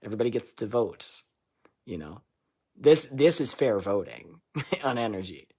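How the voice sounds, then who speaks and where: A man giving a live channeled reading, loose and irreverent, swearing and laughing between lines, swinging between loud declarations and quiet asides. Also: on the low side, sing-song, normal speed, slightly rough. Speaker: spiritual channeler.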